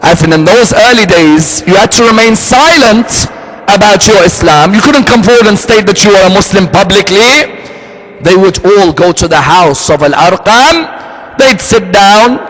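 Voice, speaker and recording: A man preaching a sermon, telling a story with acted-out dialogue and shifting his pitch and pace freely. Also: animated, moderate pace, a bit bright. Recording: long hall reverb.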